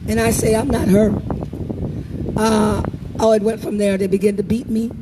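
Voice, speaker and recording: A woman's voice: medium pitch, level tone, brisk. An older woman giving an impassioned speech at an outdoor protest rally, emphatic and repeating phrases for effect. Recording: distant, echoey outdoor sound with loud traffic noise.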